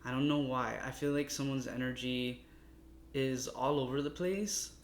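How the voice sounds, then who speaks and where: A man of medium pitch chats his way through a tarot reading, rambling and calling his viewers his loves. He sounds a touch exasperated. The recording has a roomy echo and a faint hiss behind it. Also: moderate pace. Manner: chatty, meandering, addresses viewers warmly as loves. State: a little exasperated. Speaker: tarot reader. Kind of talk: casual spoken tarot reading. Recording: echoey room with faint noise.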